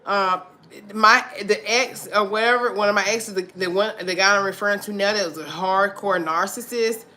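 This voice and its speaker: A woman's voice: mid-range voice, normal speed, bright, forceful tone. A woman chatting animatedly with her livestream viewers, laughing and calling them girl and y'all. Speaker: vlogger on a livestream.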